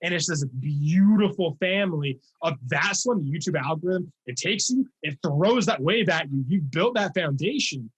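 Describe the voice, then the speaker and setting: Young guy hosting a podcast, kinda high husky voice, rambles a lot w fillers. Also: moderate pace, few pauses, low-quality recording. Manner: rambling and animated, heavy on "like" fillers. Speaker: podcast host and music reaction creator. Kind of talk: casual podcast chat.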